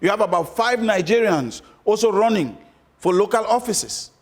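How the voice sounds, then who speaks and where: Male guest, high voice, emphatic, hammers points home by repetition. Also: expressive, normal speed. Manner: emphatic, repeats points for stress. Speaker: interview guest, former candidate. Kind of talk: interview answers.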